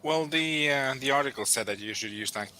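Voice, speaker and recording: A man's voice: mid-range voice, fairly quick, bright, forceful tone, a little hiss or hum, poor audio. A man co-hosting a live writing stream, dry-humored and inquisitive, asking pointed questions. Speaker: writer co-host of a writing stream. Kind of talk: casual chat on a live stream.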